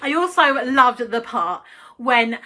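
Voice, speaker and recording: A chatty woman vlogging about a children's TV presenter, with a high, bright voice. She giggles often and scatters "like" all through her casual talk. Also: expressive, slow pace. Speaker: YouTuber. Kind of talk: casual vlog chat.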